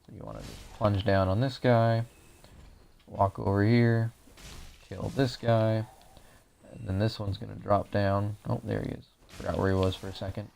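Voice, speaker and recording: A man's voice: on the low side, flat delivery, moderate pace, creaky, a little mellow, slight background noise. A young man casually talking viewers through a game walkthrough, explaining each step as he plays, his voice a little dry. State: voice drying out. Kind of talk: casual gameplay commentary.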